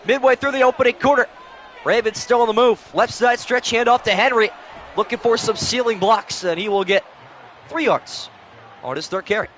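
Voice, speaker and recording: This sleep-deprived young streamer has a very high, somewhat bright voice and speaks at a moderate pace over a faint hiss or hum. He moves back and forth between play-by-play announcing and easygoing chat with his audience.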